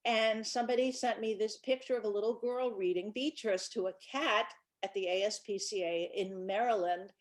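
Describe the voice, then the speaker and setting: A woman's voice: medium pitch, normal speed, hardly any pauses. A woman who writes children's books, talking casually and chattily about her books, with small restarts. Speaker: children's book author.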